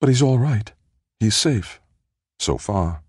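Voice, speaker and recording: A man's voice: on the low side, lively intonation, slow, a little mellow, slightly rough, no room sound, clean studio sound, pitched above the performer's own voice, heavily acted. A man voicing a young woman biologist, anxious and guarded, in an audiobook reading. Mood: worried. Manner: tense, restrained, worried. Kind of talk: audiobook character voice.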